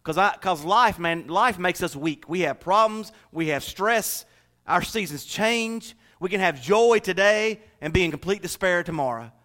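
A man's voice: sits high, expressive, measured pace, a bit bright. A middle-aged man preaching a sermon in a folksy, joking way, speaking straight to the congregation. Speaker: pastor.

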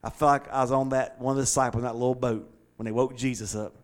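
A man preaching a sermon with steady emphasis, driving points home through repeated phrases. His voice sits at an ordinary pitch but climbs high and loud when he gets excited. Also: fast talker.

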